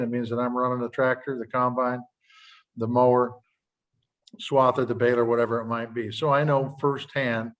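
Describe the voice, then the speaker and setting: An older man from Montana talks plainly and earnestly, with a folksy turn of phrase. His pitch sits in the middle of the male range. He is on a video call and sounds a little distant from the microphone. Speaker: senator.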